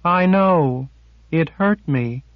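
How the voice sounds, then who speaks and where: A man voicing a timid, cold female creature made of quicksilver, speaking slowly and distantly in a storybook reading. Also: high-pitched, no room sound, voice pushed up. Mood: hurt. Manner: slow, distant, wounded. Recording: dull lo-fi audiobook recording.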